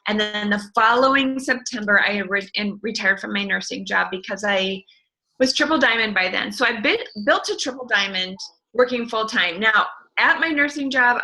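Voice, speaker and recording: A middle-aged woman speaking as an interview guest, telling her business story with passionate, animated enthusiasm. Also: mid-range voice, normal speed, rough recording. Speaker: network marketing distributor, guest. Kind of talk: enthusiastic motivational interview talk.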